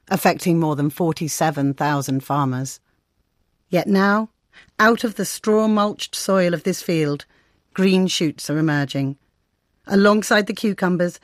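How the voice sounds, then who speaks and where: Female correspondent, measured scripted radio narration, slightly low pitch. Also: no room sound, clean studio sound. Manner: measured, descriptive storytelling. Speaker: foreign correspondent.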